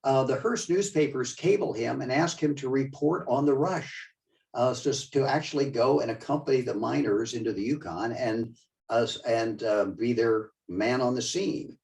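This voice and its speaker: An older man giving a conversational, digressive museum talk with slides, often halting mid-sentence. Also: mid-range voice, creaky, darkish tone, recorded from a distance, low-quality recording. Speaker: museum lecturer. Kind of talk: slide-show history talk.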